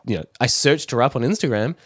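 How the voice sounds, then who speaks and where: A man's voice: medium pitch, animated, fast, no echo. Male commentary YouTuber with a chatty, self-mocking, close, dry sound. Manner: chatty, self-deprecating, rambling asides. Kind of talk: casual explainer commentary.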